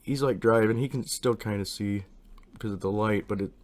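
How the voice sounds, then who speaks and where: Speaking a little fast in a low voice, a man tells a long, wandering personal story in casual, unpolished speech. He is animated and keeps acting out what people said, his pitch jumping higher for those quotes.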